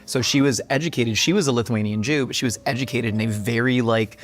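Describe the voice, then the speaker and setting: A male host in relaxed conversation, with a medium-pitched voice. He talks in a playful way and laughs often. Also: fast, soft background music. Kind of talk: casual chat.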